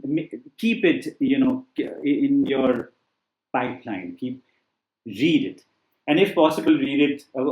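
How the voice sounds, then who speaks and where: A man with a medium-pitched, somewhat dark voice recommends books casually in the role of a test-prep teacher. His speech is loose, full of fillers and restarts, and the room he's in is echoey.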